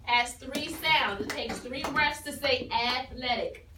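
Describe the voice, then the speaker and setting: A woman's voice: high voice, a little slow. A woman teacher giving a phonics lesson to a class, explaining patiently and encouragingly. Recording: echoey room from far off with noise.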